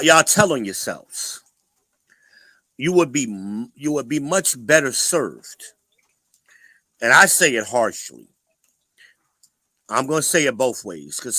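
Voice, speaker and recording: A blunt, preachy man hosts a livestream and lectures his chat in casual talk. His voice swings up and down in pitch and has a bright, forceful edge. It sits close and dry on the mic. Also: no room sound, low-quality recording. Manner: blunt and preachy, addressing chat viewers directly. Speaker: livestream host.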